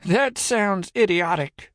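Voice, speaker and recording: A man voicing a sarcastic young male friend in a much higher voice, in a storybook reading. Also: slow, fairly bright tone, no room sound, clean studio sound. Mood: skeptical.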